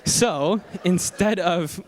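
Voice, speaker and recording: A man's voice: high voice, drawn-out words. A young adult man giving a keynote speech, telling a personal story in a humorous, conversational, self-deprecating way. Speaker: keynote speaker.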